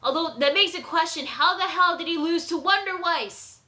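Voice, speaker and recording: A woman reviewing a manga chapter in a casual vlog, excitable, laughing and swearing. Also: very high-pitched, normal speed. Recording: echoey room.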